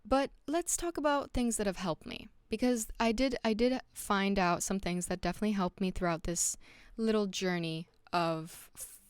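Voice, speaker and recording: A woman's voice: medium pitch, moderate pace, smooth, no echo, clean studio sound. A young woman hosting her own podcast, talking casually and candidly to the listener, with lots of "like" and "um" and frequent restarts. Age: young adult. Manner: candid and reflective. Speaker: podcast host. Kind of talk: casual solo podcast monologue.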